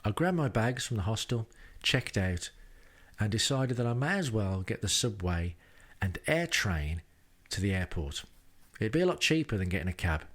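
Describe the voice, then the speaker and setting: An English man hosts a podcast from a rented home, narrating his travel diary with dry, self-deprecating humor and wry asides. His voice sits fairly low and a bit bright, with big swings in pitch at a normal speed.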